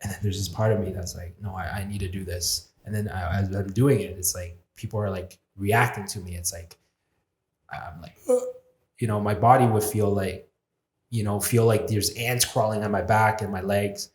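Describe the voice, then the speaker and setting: Candid low-voiced man in a roomy space. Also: fairly even intonation, moderate pace. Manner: reflective and candid, swearing freely, acting out his own inner voices. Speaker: podcast guest. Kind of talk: candid conversational storytelling. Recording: roomy echo.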